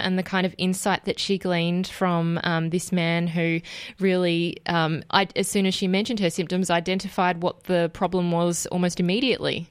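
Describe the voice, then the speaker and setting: A woman radio host interviewing a guest in a measured, careful way. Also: fairly low pitch, clear, resonant tone, no room sound. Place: radio studio.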